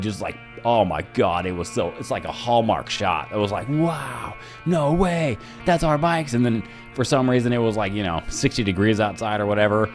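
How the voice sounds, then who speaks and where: A young man casually telling stories from his childhood, talking loosely with lots of slang and acting out quoted people in higher voices. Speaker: podcast storyteller. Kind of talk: casual personal storytelling.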